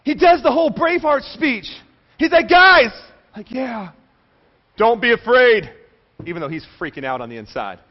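A man preaching a sermon as pastor, animated, telling stories and acting out quoted voices. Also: very high voice, normal speed, muffled recording.

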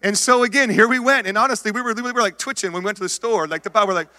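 A middle-aged man preaching a sermon, telling his own story with lively acted-out lines and calling out to the congregation. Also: high-pitched, rapid-fire. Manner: animated storytelling, acts out his own past words; calls out to the congregation. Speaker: pastor. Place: church sanctuary. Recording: long hall reverb.

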